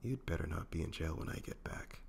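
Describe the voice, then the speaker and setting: A man's voice: low-pitched, moderate pace. A man voicing a patient, dry-humored princess and diplomat in a fan audiobook reading.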